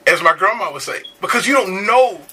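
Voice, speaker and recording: A man's voice: high voice, lively intonation, brisk, bright, forceful tone, a little hiss or hum, poor audio. A man co-hosting a casual podcast chat, laughing often and giving earnest advice. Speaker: podcast co-host.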